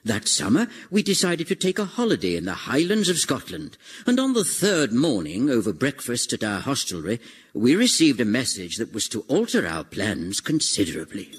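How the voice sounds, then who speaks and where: An actor playing a fussy, prim doctor sidekick who narrates and complains in a radio comedy. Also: male voice, mid-range voice, huge pitch swings, normal speed, slight background noise.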